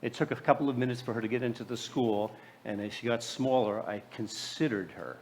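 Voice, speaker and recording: A man's voice: medium pitch, a little mellow, slight background noise. American man in his sixties giving a speech. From USA. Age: 60s. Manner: halting, repeats words while telling a personal story. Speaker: keynote speaker. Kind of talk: storytelling keynote speech.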